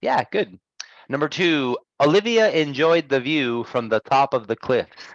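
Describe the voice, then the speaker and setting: A man teaching pronunciation one-on-one, patiently modelling words and gently correcting his student. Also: mid-range voice, animated, a little slow, no echo, highs cut off. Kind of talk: one-on-one lesson.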